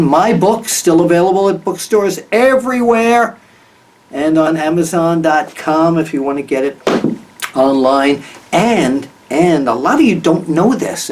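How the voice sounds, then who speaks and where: A man's voice: a little high, darkish tone. A man hosting a casual show, chatting in a rambling way with many fillers and restarts. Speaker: host. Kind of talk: casual chat. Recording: voice a bit far from the mic.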